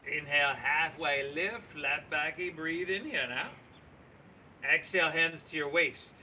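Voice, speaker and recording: A man guiding a live yoga class, cueing poses and breaths in an encouraging, relaxed and folksy way. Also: a little high, measured pace, a little hiss or hum. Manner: relaxed, folksy, says y'all. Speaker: yoga instructor.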